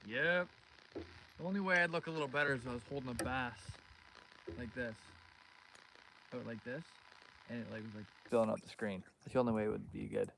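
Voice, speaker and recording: Man, easygoing fishing streamer greeting viewers, mid pitch, recorded outdoors by phone with clear wind noise. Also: fairly quick, pauses often, pushed and bright, rough recording. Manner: chatty, greets viewers by name. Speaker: fishing livestream host. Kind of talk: casual live-stream chat. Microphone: phone streaming live.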